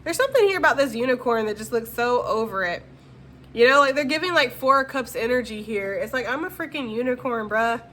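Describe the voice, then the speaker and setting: Bright, chatty woman reading tarot. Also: fairly high pitch, animated, a little fast, slight background noise. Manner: chatty, slangy, reassuring, addresses viewers directly. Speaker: tarot reader. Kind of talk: casual tarot reading monologue.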